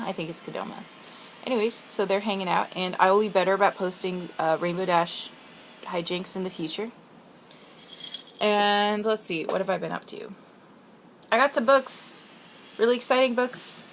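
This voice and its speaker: A woman's voice: medium pitch, lively intonation, slight background noise. Chatty young woman rambling on camera. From Pacific Northwest. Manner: chatty, rambling, self-deprecating, quick asides. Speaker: vlogger. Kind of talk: casual rambling video letter.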